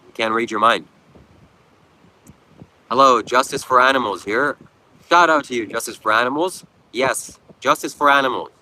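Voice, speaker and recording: A man's voice: medium pitch, moderate pace, pauses often, pushed and bright, rough recording. Blunt, preachy man hosting a livestream. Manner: preachy, blunt, mocking viewers. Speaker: livestream host. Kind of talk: live stream chat reading. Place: outdoors at a beach.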